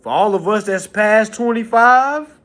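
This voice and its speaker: A man hosting a casual livestream monologue who talks in an animated way, laughs often and repeats himself. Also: high voice, unhurried. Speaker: livestream host.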